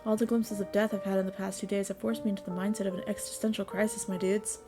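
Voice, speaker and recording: A woman's voice: mid-range voice, flat delivery, fast talker, music in the background, close to an everyday voice. A woman voicing a laid-back young slacker guy who talks in slang with mock drama.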